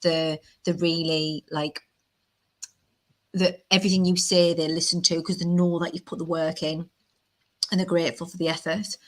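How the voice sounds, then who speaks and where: A British woman with a fairly low voice chats frankly about her clients as a broker. She talks in an animated, outspoken way and often jumps up in pitch when she wants to stress something. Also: normal speed. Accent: British English. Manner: animated, frank and talkative, voice jumping up when emphatic. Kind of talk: casual podcast chat.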